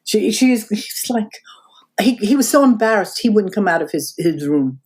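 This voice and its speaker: A woman's voice: medium pitch, moderate pace. A woman in her seventies from the United States, a guest in an interview, telling a story and acting out the dialogue she quotes. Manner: animated storyteller who acts out quoted dialogue.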